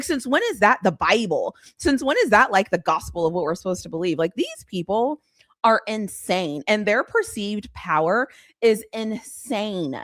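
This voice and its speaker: A woman's voice: medium pitch, no room sound, studio quality. A woman host ranting bluntly and sarcastically in a casual live-stream chat. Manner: animated, exasperated, blunt, sarcastic. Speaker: sports commentary host.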